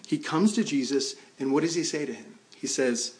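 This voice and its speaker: A man's voice: a little high, expressive, moderate pace, few pauses. A man preaching a sermon to a church congregation. He talks in a conversational way, with fillers and restarts, and acts out the quotes he tells. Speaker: pastor.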